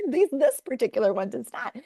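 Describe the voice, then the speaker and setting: Middle-aged woman podcast guest, mid pitch with creaky fry, dry close mic, animated storyteller. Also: dry recording. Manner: animated storyteller, talks through examples. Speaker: podcast guest, parenting author. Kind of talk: conversational interview.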